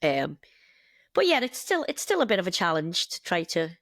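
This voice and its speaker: A woman in her forties from Liverpool with a Scouse accent, telling lively stories as a podcast guest, laughing often and acting out what people said. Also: fairly low pitch, moderate pace, gravelly, dry recording, studio quality. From Liverpool, England. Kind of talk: casual storytelling.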